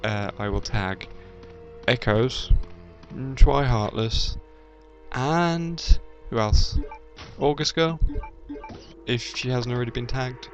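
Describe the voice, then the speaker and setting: A mid-range male voice at a slow pace belongs to a young British let's-player on YouTube, from the English Midlands, with a generic British accent and a slight Midlands lilt. He rambles hesitantly in a casual video chat, full of ums and self-corrections, and the lo-fi audio is dull with faint game music behind it.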